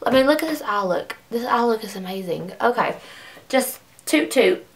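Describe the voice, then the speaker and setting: With a fairly high, expressive voice going a little fast, a young beauty vlogger chats and gushes about makeup, often saying "like." She records in her makeup room at home, far from the mic, with a little hiss or hum.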